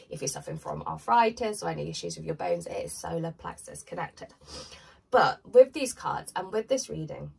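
Husky congested woman tarot reader. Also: fairly low pitch, distant mic, low-quality recording. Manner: chatty, rambling, filler-heavy. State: congested with a cold. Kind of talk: pick-a-card tarot reading to camera.

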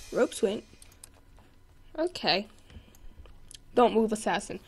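A young woman giving excitable gameplay commentary, laughing and yelling at the game as she plays. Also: fairly high pitch, unhurried, pauses often, a little hiss or hum. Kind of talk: let's play commentary.

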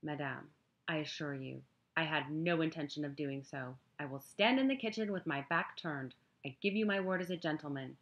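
A woman reading an audiobook, voicing a polite young gentleman who speaks in a formal, measured way. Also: sits low, lo-fi sound.

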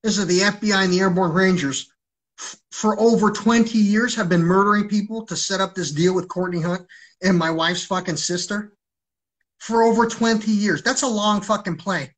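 A man's voice: high voice, normal speed. A man ranting on a livestream in an agitated, rambling way, swearing heavily.

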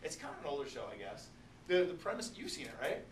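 Animated male teacher in an echoey classroom. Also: fairly high pitch, fast. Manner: animated, joking, talks straight to students. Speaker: biology teacher. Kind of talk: classroom lecture. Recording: echoey classroom, distant mic, noisy.

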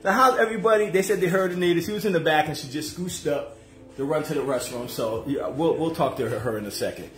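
A man hosting a casual cooking livestream from his home kitchen, joking and chatting with viewers. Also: fairly high pitch. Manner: joking, chatty, playful, drawn-out asides to viewers. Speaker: cooking show host. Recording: echoey kitchen with music behind.

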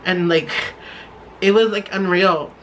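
This is a young man from the San Francisco Bay Area recounting a story for his vlog in an easygoing, chatty way. His voice is bright and forward. He gushes with excitement and leans on "like" over and over. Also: high-pitched, a little slow, a little hiss or hum. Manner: gushing and excitable, heavy use of "like" fillers. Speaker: vlogger.

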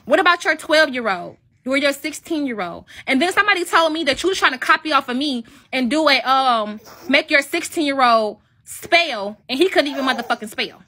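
A woman's voice: sits high, lively intonation, brisk, hardly any pauses, bright, forceful tone. A woman in her twenties giving a profane, mocking commentary rant and repeating taunting questions. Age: 20s. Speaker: commentary vlogger. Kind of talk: ranting commentary.

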